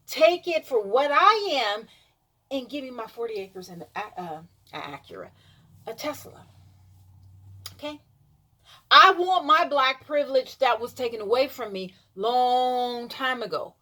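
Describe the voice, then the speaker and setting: A woman's voice: a little high, lively intonation, unhurried, sharp tone. A woman vlogging an emphatic, insistent opinion monologue, repeating herself for emphasis.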